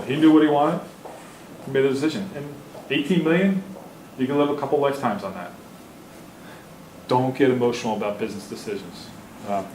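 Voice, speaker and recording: A middle-aged man lecturing students, candid and openly emotional, mixing advice with personal stories. His voice sits at an ordinary pitch for a man. It carries the echo of a roomy lecture hall over a faint hiss. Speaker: guest speaker. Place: university lecture room.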